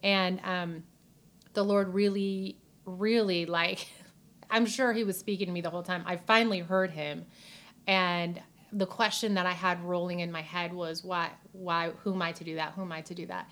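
Woman, heartfelt guest on a faith podcast, slightly low voice, casual and tearful. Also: fairly even intonation, moderate pace, a bit bright. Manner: earnest, heartfelt, many "like" fillers. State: emotional, near tears. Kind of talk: faith-based casual chat.

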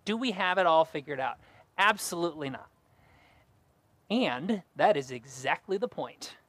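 Young male pastor, sermon, earnest, repeats key phrases, high voice, dry sound. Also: fairly bright tone, no echo.

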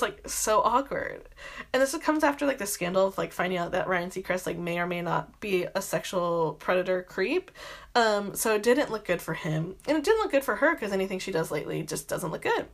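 A woman's voice: medium pitch, expressive, normal speed. Young woman ranting casually, full of fillers. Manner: rambling, heavy filler words, frequent swearing, exasperated. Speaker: podcast host. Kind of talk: casual gossip commentary.

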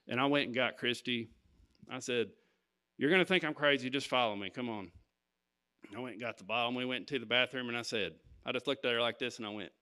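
A man's voice: mid-range voice, brisk, sharp tone. A man preaching, telling a personal story to his congregation and stopping to ask "Amen?". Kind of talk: sermon testimony.

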